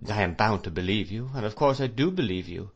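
A shrewd, grave middle-aged lawyer, as an audiobook reader puts him on, probing with dry, pointed questions. His low voice stays close to the reader's own, measured and skeptical. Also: animated, muffled recording.

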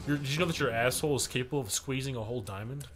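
A man's voice: medium pitch, racing, crowd noise. A young man co-hosting a let's play, goofy and swearing, laughing often. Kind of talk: casual gaming chat. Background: video game music.

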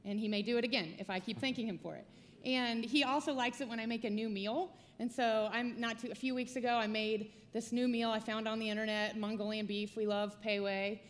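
A woman's voice: fairly high pitch, steady tone, fairly quick, big-room sound. A woman speaking from a church stage with her husband, talking conversationally and telling personal stories. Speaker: pastor's wife, co-speaker. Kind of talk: sermon with spouse. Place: church auditorium.

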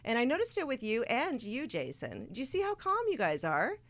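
A woman's voice: fairly high pitch, wildly swooping pitch, a little fast, fairly bright tone, dry recording. A young woman hosting a casual chat show, rambling through stories and laughing often. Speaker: show host.

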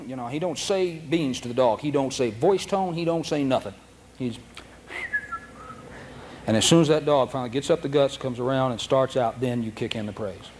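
A man teaching a dog training seminar in a folksy, animated way, acting out dogs' thoughts in silly voices, recorded on a noisy old video tape. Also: medium pitch, a little fast. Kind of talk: seminar lecture.

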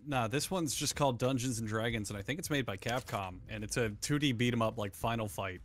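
A man's voice: mid-range voice, a little fast. A man hosting a gaming stream, chatting casually and telling long rambling stories with plenty of swearing. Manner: rambling storyteller, swears freely. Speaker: streamer host. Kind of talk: casual chat while gaming.

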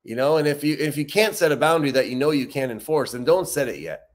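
A man's voice: fairly high pitch, animated, fast talker. Man hosting a casual recovery livestream. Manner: conversational, repeats points for emphasis. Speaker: recovery talk host.

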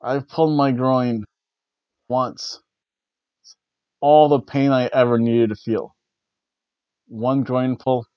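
A man's voice: medium pitch, fairly even intonation, takes it slowly, pauses often, clean tone, dry recording. A man hosting a casual wrestling review, rambling and correcting himself with the odd chuckle. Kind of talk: casual spoken event review. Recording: dry, slightly dull lo-fi audio.

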